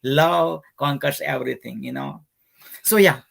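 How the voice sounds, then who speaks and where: A man's voice: on the high side, unhurried, creaky. A man from India with an Indian accent, co-hosting a live stream and telling a story with lots of fillers. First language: not English. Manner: storytelling, frequent fillers, warm and expansive. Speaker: co-host. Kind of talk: casual conversation on a live stream.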